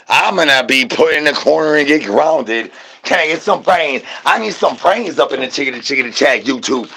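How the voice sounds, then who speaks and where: A man hosting a livestream, talking to his chat in goofy rhyming nonsense with singsong repeats, swinging between low mumbles and loud shouts. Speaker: livestream host. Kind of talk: rambling comedic stream chatter.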